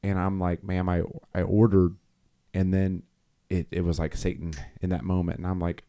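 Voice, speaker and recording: A man's voice: low voice, brisk, mellow. A middle-aged man co-hosting a podcast, telling a rambling faith story with many fillers and restarts. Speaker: podcast co-host. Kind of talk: casual faith talk.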